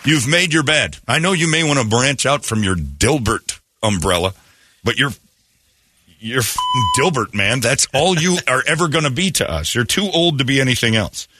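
A man in casual comedic chat, riffing animatedly and jumping into high mocking voices for bits. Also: sing-song, normal speed, pushed and bright, breathy edge.

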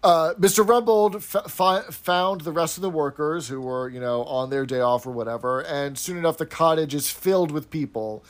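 A man co-hosting a podcast in casual chat, brisk and dry, dropping short interjections and corrections. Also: a little high. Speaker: podcast co-host.

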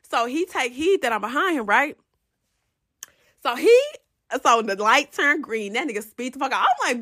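A woman's voice: high voice, normal speed, long pauses. A young woman casually telling a profane storytime straight to her viewers. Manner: animated, profane, addresses viewers as y'all.

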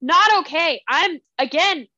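A young woman co-hosting a podcast in casual chat, expressive and quick to react. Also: very high-pitched, dry recording. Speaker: podcast co-host. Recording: dry, dull lo-fi mic.

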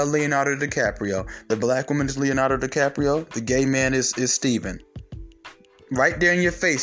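A man in the middle of a fired-up rant at his audience, his pitch sitting in an ordinary middle range. He swears freely and hammers his points home with pointed rhetorical questions. Faint music plays softly behind his voice. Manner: heated, emphatic, profane, rhetorical questions. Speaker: online commentator. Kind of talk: ranting monologue to viewers.

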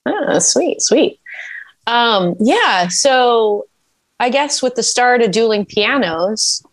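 A woman's voice: on the high side, expressive, takes it slowly. Chatty woman with a Wisconsin accent. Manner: easygoing, chatty, laughs often. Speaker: podcast guest. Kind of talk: casual chat.

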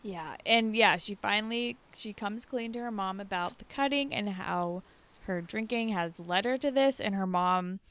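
A young woman co-hosting a podcast, telling the story of a TV episode in an animated way and acting out the characters. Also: medium pitch, normal speed. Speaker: podcast co-host. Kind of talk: casual chat recapping a TV episode.

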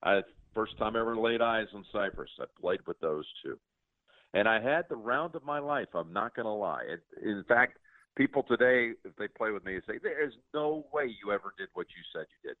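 Older guy hosting a chat, really low voice, gushing, trips over his words, sounds like a phone line. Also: expressive, moderate pace, dry recording. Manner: effusive, stammers and repeats words. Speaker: host. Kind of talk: conversational interview. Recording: tinny phone-like sound, dry.

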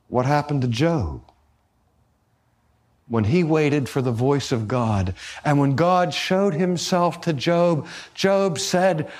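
Slow, emphatic male preacher. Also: medium pitch, lively intonation, a little mellow. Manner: slow, deliberate delivery with emphatic rises on key words; rhetorical questions to the audience. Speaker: preacher and teacher. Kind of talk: theological lecture-sermon.

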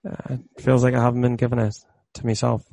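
Male guest, gravelly and dry, plain-spoken, repeats himself. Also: medium pitch, level tone, quick pace, mellow, dry recording. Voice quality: frank, repeats his phrases. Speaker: podcast guest. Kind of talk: casual chat.

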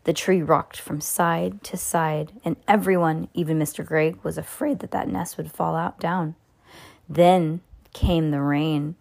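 A woman reading a children's book aloud in an expressive, lively way. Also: fairly low pitch, creaky. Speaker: storyteller.

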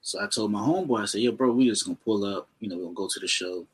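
Husky man telling a comedy story. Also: lowish voice, racing, poor audio. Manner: animated storyteller, acts out quotes. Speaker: guest comedian. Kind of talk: casual storytelling.

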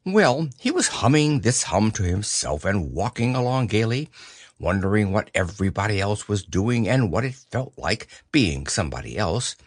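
A man reading a children's book aloud as narrator, in a lively storytelling manner. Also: fairly low pitch, moderate pace, slightly rough, no echo, clean studio sound.

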